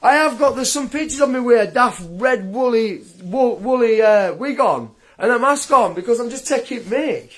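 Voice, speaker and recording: A man's voice: extremely high pitch, animated, normal speed, hardly any pauses. A man ranting straight to camera in a blunt, combative, indignant vlog monologue. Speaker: vlogger.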